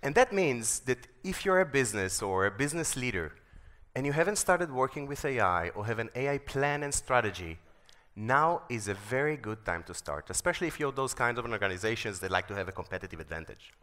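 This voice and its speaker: A man whose first language is Hebrew, giving a conference keynote with storytelling and an enthusiastic pitch. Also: sing-song, brisk, pushed and bright. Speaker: keynote speaker. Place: conference stage.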